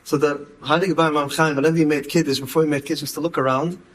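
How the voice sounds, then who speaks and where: A man's voice: on the high side, steady tone, racing, poor audio. A man, telling stories in a talk and repeating words for emphasis. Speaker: speaker. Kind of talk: storytelling talk.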